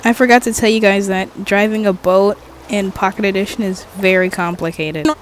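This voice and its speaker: A woman's voice: medium pitch, steady tone, moderate pace, a little hiss or hum. A woman giving casual, jokey commentary while playing a game, chatting to herself and swearing now and then. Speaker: gaming vlogger.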